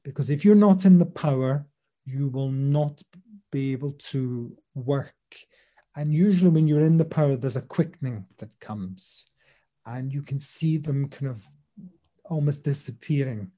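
A man talks through his experiences as a medium in a relaxed interview. His voice is deeply mellow and dark-toned, and his delivery is earnest and patient as he explains his ideas. He softens noticeably whenever he recounts what someone else said. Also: measured pace. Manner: earnest, explanatory, drops soft when quoting others. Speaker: spirit medium and teacher. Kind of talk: conversational interview storytelling.

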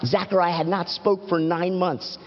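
A man telling a Bible story to children from a church platform in a dramatic, animated storytelling voice. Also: moderate pace, big-room sound, lo-fi sound. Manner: dramatic, animated storytelling with big pitch swings. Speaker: children's pastor.

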